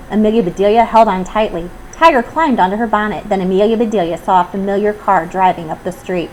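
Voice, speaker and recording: A woman reading a children's storybook aloud, with expressive, animated storytelling. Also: medium pitch, fast, few pauses, poor audio. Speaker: storybook reader. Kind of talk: children's read-aloud narration.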